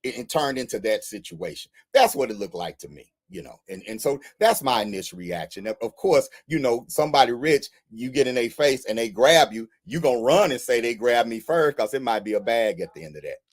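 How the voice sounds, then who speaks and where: A man's voice: medium pitch, expressive, a little fast, few pauses. A man co-hosting a casual talk show, giving blunt, conversational commentary. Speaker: co-host.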